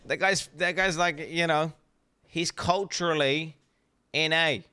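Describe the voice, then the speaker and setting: Man, streamer reacting, bright crisp voice, blunt and rambling. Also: fairly high pitch, fairly even intonation, a little slow, no echo. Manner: blunt, rambling, swears freely. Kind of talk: casual reaction commentary.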